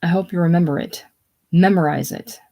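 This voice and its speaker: A reader doing a prideful man who bristles and snaps back. He is defensive and quick to take offense. The voice sits mid-pitch. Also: creaky, warm tone, natural voice. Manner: defensive, snappish. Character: touchy, prideful shaken man. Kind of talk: casual solo play reading.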